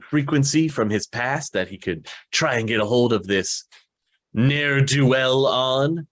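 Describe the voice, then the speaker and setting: A man narrating as game master of a tabletop role-playing game, relaxed and unhurried with frequent fillers. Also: mid-range voice, no room sound.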